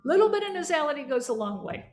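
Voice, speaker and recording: A woman's voice: sits high, big pitch swings, fast talker, loud music behind the voice. A woman teaching a voice lesson, coaching students through exercises and demonstrating sounds aloud. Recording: echoey room with faint instrument.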